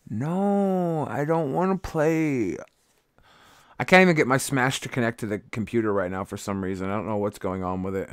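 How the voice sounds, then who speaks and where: A man's voice: mid-range voice, moderate pace, clean tone, no room sound, clean studio sound. A tired man rambling and joking about himself as he chats casually with viewers on a live stream. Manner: rambling, self-mocking, swearing. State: tired and grumpy. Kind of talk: casual livestream chat.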